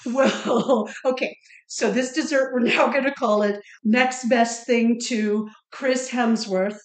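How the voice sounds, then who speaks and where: A playful middle-aged woman chats and giggles her way through a casual podcast conversation. Her voice sits a little high. The room around her is echoey. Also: fairly even intonation, takes it slowly. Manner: giggly, playful, often laughing. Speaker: podcast co-host. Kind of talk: casual chat.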